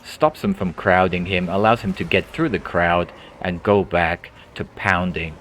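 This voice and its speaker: A deep-voiced man narrates a strategy game for beginners. He explains each move in a calm, thinking-aloud way, often repeating a word before going on. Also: unhurried, slight background noise. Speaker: gaming tutorial host. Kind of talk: gameplay commentary.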